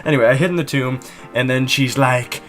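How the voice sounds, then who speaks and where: A man's voice: medium pitch, a little fast, fairly bright tone, soft background music. Goofy rambling young man recapping a game. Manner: goofy, rambling, jumps between whispers and squeals. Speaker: gaming channel host. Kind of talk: casual video game recap.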